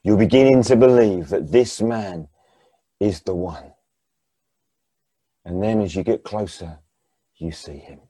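A man preaches by walking the listener through a story in the second person. His voice is low, dark and husky, recorded dry and close. He moves between hushed murmurs and emphatic swells. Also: unhurried, long pauses, no room sound.

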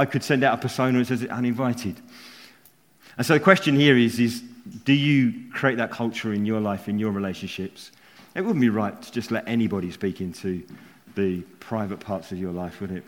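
A man preaching a sermon, telling stories with frequent chuckles. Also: on the low side. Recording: long hall reverb.

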